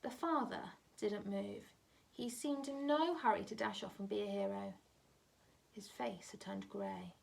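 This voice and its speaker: Gravelly teacher reading a story aloud. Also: female voice, medium pitch, animated, measured pace, distant mic.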